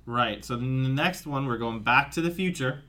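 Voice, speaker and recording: A man hosting a casual movie podcast, chatty and full of halting restarts. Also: mid-range voice, pushed and bright. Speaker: podcast host.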